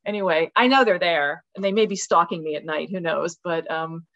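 Woman guest, casual and animated, lower voice, lo-fi call audio. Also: brisk. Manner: animated, acts out voices with laughs. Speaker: guest author. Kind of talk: casual interview conversation. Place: rural home with dogs.

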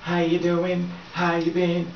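A woman's voice: fairly low pitch, monotone, slow pace. A woman talking casually and frankly to her viewers, swearing freely and often laughing. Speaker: vlogger giving relationship advice. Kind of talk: casual straight-talking vlog. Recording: echoey room, distant dull mic, faint background noise.

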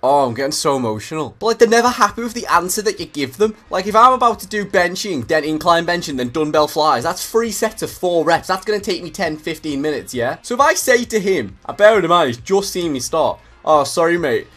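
A man's voice: fairly high pitch, fairly quick, hardly any pauses. Sweary young man ranting. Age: young adult. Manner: animated, sweary, acts out scenes. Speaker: comedy vlogger. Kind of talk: comedic rant to camera.

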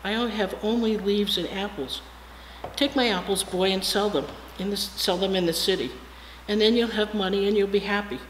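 A guest preacher voicing a gentle, selfless female apple tree in a storybook read-aloud, tender and soft-spoken. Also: medium pitch, normal speed, lightly acted. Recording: echoey hall, faint hiss.

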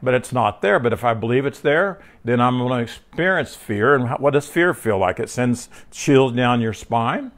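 With an expressive mid-range voice, a man talks at a moderate pace with hardly any pauses in a casual Bible teaching. He keeps restarting sentences, fills in with filler words, wanders into personal stories, and checks on his listener with tag questions.

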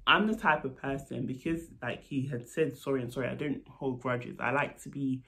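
Man, vlog storyteller, gravelly mid-range voice, lively asides. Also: medium pitch, moderate pace. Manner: animated, lively retelling with asides. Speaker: storytelling vlogger; nurse.

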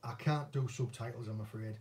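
A man's voice: medium pitch, fairly quick, darkish tone. A man with a northern English accent, chatting casually and self-deprecatingly as an angling vlogger answering viewer questions. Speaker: angling vlogger and former commercial fisherman. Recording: voice a bit distant from the mic.

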